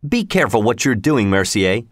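A man voicing a nervous male chorus master who talks in a hushed, evasive way. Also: fairly low pitch, big pitch swings, a little fast, no echo, clean studio sound.

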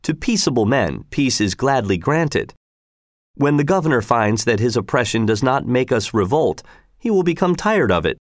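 A man's voice: medium pitch, very animated, normal speed, no room sound, studio quality. A man reading aloud, voicing a stoic hero who speaks in short, proverb-like sayings. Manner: terse, proverb-like pronouncements. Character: laconic, brave male hero, calm and stoic.

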